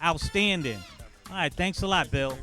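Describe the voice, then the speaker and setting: A male host hypes the crowd and introduces comics in an upbeat emcee style. His voice sits high for a man, and loud music plays beneath it. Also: expressive, moderate pace. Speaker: comedy show host. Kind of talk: hosting and introducing acts.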